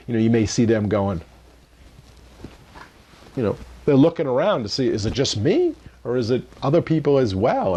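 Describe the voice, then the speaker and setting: Husky man teaching with lively pitch. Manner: conversational teaching, often asks "right?". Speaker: culinary media instructor. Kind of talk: instructional talk to camera.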